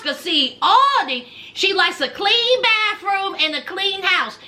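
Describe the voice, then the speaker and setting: Sassy woman with a very high voice. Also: expressive, slow pace, few pauses, bright, forceful tone. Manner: sassy, teasing, addresses viewers as honey and child. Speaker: reality show recapper. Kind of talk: casual show recap.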